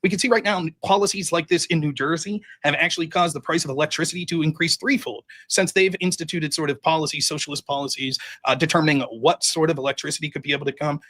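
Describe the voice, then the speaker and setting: A man presses his case in an online debate, assertive and sure of his points. He talks quickly in a voice pitched a bit high. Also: fairly even intonation, sharp tone. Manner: assertive, argumentative.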